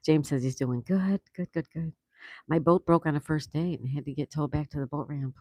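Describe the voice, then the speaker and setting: A woman's voice: sits low, moderate pace, mellow, no echo. A woman hosting a livestream, chatting casually and greeting viewers by name as she reads their comments aloud. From Florida. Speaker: livestream host.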